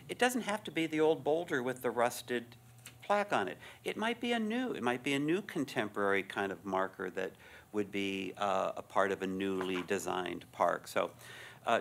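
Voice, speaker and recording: A man chairing a city preservation board meeting, speaking haltingly with many fillers and restarts into a desk microphone in a city hall chamber. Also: lowish voice, creaky, a bit bright. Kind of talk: public meeting remarks.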